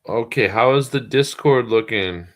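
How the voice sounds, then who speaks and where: A man's voice: medium pitch, measured pace. A middle-aged man, co-hosting a livestream in casual, rambling chat full of fillers. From Boston area, US. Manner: easygoing, rambling, many fillers. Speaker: livestream co-host.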